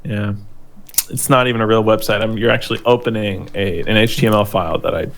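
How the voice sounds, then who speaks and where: A young man with a gravelly, fry-heavy voice co-hosting a podcast, with faint ambience behind him. He rambles, teases and swears freely in loose banter. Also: on the low side, steady tone, quick pace, fairly bright tone, slight background noise. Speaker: podcast co-host. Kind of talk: casual chat.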